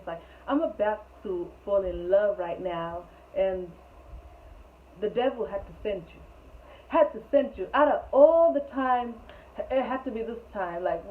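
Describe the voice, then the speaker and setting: A woman telling a storytime vlog in an animated, rambling way, full of "like", on a tinny, phone-like recording. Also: mid-range voice. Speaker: vlogger. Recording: tinny phone-like sound, faint hiss.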